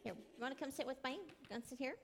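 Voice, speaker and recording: A woman in her forties giving a children's sermon, gently asking the children questions and drawing them into the story. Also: sits high, racing, gravelly. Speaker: children's message leader.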